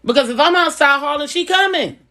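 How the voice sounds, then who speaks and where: A woman's voice: sits high, fast talker, pushed and bright. A middle-aged woman and business owner giving casual advice straight to camera, blunt and emphatic, coming back to her points again and again.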